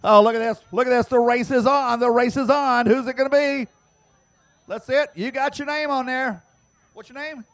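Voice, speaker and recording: A man announcing prize giveaways to the crowd at an outdoor dirt racetrack, teasing fans and shouting to get them to answer. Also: very high voice, steady tone. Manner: loud, teasing, drawn-out shouting. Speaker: track announcer giving away prizes.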